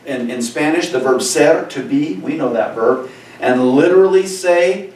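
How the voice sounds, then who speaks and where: A man teaching Spanish, in a lively and playful way, who keeps repeating each phrase and asking "right?". His voice sits at a middle pitch. The sound is roomy and a little distant from the mic. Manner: animated, joking, repeats key phrases and asks "right?". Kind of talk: classroom lesson over a video call. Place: classroom or room with a board.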